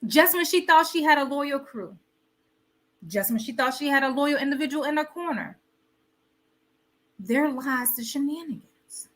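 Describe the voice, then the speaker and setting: A woman's voice: high voice, normal speed, pauses often. A woman hosting a wellness talk show, speaking in a preachy way with many rhetorical questions and repeated phrases. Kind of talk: motivational live talk.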